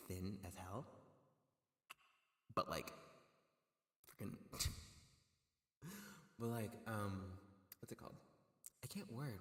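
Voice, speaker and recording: A man streaming as a VTuber, chatting casually in a hushed, giggly voice while keeping quiet for a roommate. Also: fairly low pitch, roomy sound, in a large hall, far from the mic. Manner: rambling, giggly, many filler words. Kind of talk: casual live-stream chat between karaoke songs.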